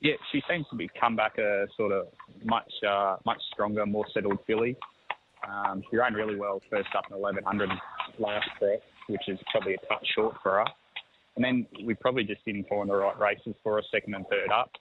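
A man, a horse trainer talking over the phone in a halting, easygoing way that repeats words. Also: lowish voice, fairly even intonation. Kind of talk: phone interview. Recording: tinny phone line with faint noise.

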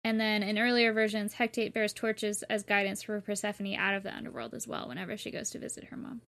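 A woman's voice: medium pitch, steady tone, quick pace, fairly bright tone. Chatty young woman explaining myths. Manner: chatty, explaining with frequent "like" and laughs. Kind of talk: casual chat about mythology.

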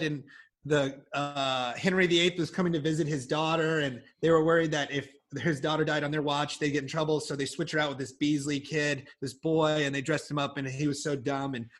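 A man's voice: on the high side, fairly bright tone. Rambling, profane man telling stories. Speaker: podcast guest. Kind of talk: casual chat.

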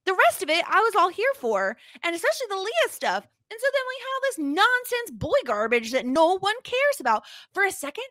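A woman co-hosting a podcast in casual chat, animated and quick to joke. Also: very high voice, no room sound, studio quality. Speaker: podcast co-host.

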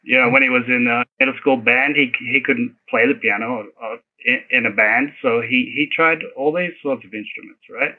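A man's voice: medium pitch, fairly even intonation, normal speed. A man speaking in an encouraging, emphatic way about trying new things. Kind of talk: personal storytelling. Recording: tinny phone-like audio.

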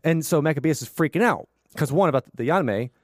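A man's voice: on the high side, expressive, quick pace, no room sound, clean studio sound. Man chatting loosely on a podcast. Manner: loose and conversational, many fillers. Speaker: podcast co-host. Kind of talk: casual chat.

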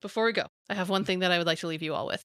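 A woman co-hosting a casual podcast, playful and quick to giggle. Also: on the low side, fairly bright tone, smooth, no echo, studio quality. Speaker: podcast co-host. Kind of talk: casual chat.

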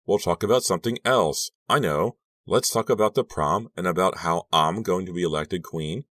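A man's voice: low voice, moderate pace, no room sound, clean studio sound. A man voicing a boastful, competitive teenage girl in an audiobook. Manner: boastful, loud.

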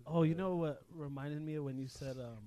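A young man with a slightly high voice tells a story on a casual podcast. He speaks in a loose, animated way, laughs a lot, and swears freely. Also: a little fast. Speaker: podcast co-host. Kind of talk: casual chat, telling a story.

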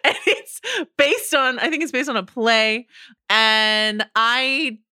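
A woman's voice: fairly high pitch, takes it slowly, pushed and bright, smooth, dry recording, studio quality. A woman co-hosting a podcast in casual chat, enthusiastic, laughing often and swearing freely. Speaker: podcast co-host.

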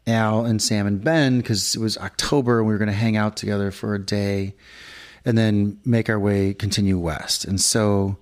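A middle-aged man co-hosting a casual podcast, talking in a slightly low register. He rambles through a long anecdote and briefly acts out the people he quotes. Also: steady tone, normal speed. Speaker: podcast co-host. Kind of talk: casual chat.

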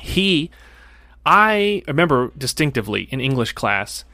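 A man's voice: mid-range voice, sing-song, unhurried, bright, forceful tone, no room sound. A young man hosting a casual podcast, telling candid, profane stories from school. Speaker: podcast host. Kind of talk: casual chat.

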